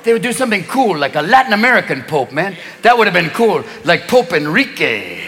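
High, animated male stand-up, loud crowd, big reverberant hall. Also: noisy background. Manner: rapid-fire, jumps into voices and shouts. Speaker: stand-up comedian. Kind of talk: stand-up routine. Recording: live hall with crowd laughter.

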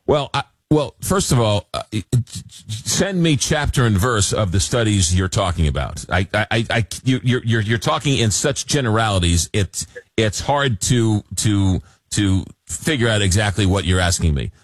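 Low-voiced male talk radio host. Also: animated, no echo. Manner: reads listener messages aloud, halting with many fillers. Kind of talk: late-night call-in talk radio.

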